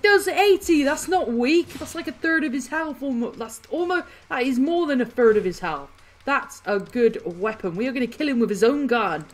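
A woman with a fairly high voice talks her way through a video game, chatty and easily excited. She laughs often and reacts loudly to what happens on screen. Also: normal speed. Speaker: gaming channel host. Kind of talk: casual gameplay commentary.

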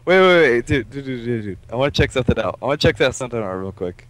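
A young man playing a game with a friend in casual chat, excitable and prone to sudden yells. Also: mid-range voice, rapid-fire, no room sound. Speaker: co-player. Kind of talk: casual let's-play chat.

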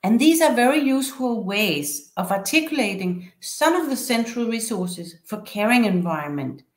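A woman's voice: fairly high pitch, very animated. Danish-accented woman lecturing in echoey room. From Denmark. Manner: measured, explanatory storytelling. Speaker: university professor and researcher. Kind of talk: academic lecture.

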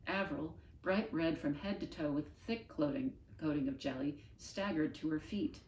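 A woman reading a children's book aloud in an expressive, unhurried way. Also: deep voice, a little hiss or hum. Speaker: storyteller. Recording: roomy, distant mic.

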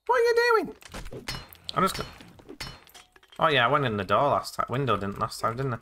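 A man's voice: mid-range voice, fast talker, sharp tone, slight background noise. A man doing jokey, rambling let's-play commentary with sudden exclamations as he plays. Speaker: gaming let's-play host. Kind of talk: casual gameplay commentary.

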